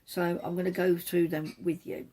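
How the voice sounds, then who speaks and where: A woman's voice: on the low side, flat delivery, moderate pace, a little mellow. A woman hosting a knitting podcast from the back room of her home, chatting casually and wandering off topic now and then. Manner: rambling, self-deprecating, digresses. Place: back room at home, patio door open.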